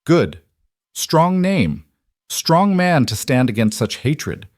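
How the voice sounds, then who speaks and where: A man voicing a stern, brisk elderly farm wife with a Norwegian accent and blunt broken English. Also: fairly high pitch, sing-song, dry recording, studio quality, pitched above the performer's own voice. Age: older.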